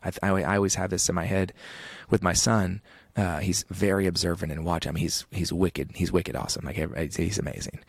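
A man with a low, gravelly voice speaks as a guest on a podcast. He talks in an earnest, reflective way, often restarting his sentences. The sound is dry and close to the mic. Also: fairly even intonation, brisk, few pauses, dry recording. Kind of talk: podcast conversation.

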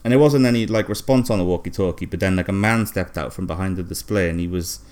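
A man, co-hosting a comedy podcast, telling an absurd story deadpan with lots of fillers and hesitation. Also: sits low, fast. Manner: rambling, hesitant, many fillers. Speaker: podcast co-host.

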